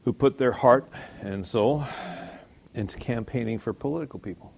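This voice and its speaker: Gravelly, husky man giving a sermon. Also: medium pitch, normal speed, darkish tone. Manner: conversational, chuckles often, jokes at his own expense. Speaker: Christian speaker. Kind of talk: informal sermon.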